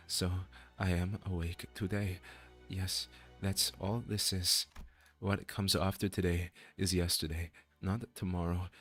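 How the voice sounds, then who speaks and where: A man voicing a despairing captive trapped in a web of fate, reading game dialogue in a slow, solemn, weary way. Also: sits low, a bit bright.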